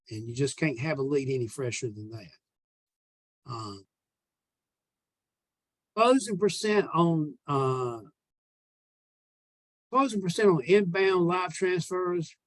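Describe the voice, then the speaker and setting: A man's voice: on the high side, dry recording. Plainspoken Southern American man coaching sales. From United States. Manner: plainspoken, emphatic, walks through example calls. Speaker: sales trainer.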